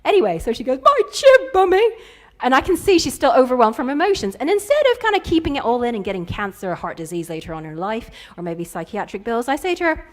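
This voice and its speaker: Woman in her thirties, keynote speaker, playful, lively delivery. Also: on the high side, quick pace, hardly any pauses. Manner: playful storytelling with acted-out quotes. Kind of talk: conference keynote.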